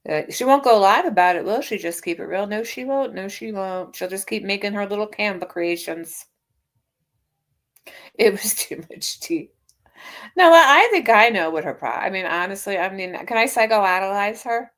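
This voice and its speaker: A woman's voice: medium pitch, lively intonation, normal speed, a bit bright. Chatty, teasing woman livestream host. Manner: chatty, teasing, laughs often. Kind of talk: casual livestream chat.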